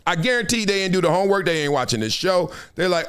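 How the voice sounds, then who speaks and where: Male live-stream host, high lively voice, slangy storyteller who laughs a lot. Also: fast, hardly any pauses, clean tone. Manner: animated, slangy, laughs often.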